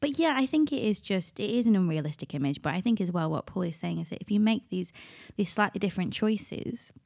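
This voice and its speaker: A woman in her thirties co-hosting a podcast, chatting in a relaxed, reflective way. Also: mid-range voice, a little fast, gravelly, no echo, clean studio sound. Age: 30s. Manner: reflective and relaxed, with a lot of fillers. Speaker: podcast co-host. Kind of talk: casual chat.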